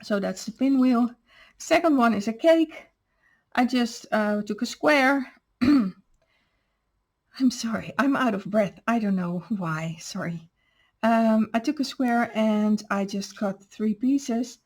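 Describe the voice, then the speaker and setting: A woman's voice: fairly high pitch, slow pace. A woman hosting a craft channel, patiently explaining step by step how she made each paper piece. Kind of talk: crafting show-and-tell.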